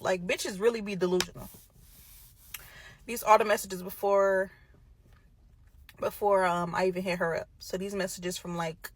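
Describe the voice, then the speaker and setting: A young woman spills a messy personal story in a casual chat. She talks bluntly, curses freely, and sounds gossipy. Her pitch sits in the ordinary middle range. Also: normal speed, husky, low-quality recording.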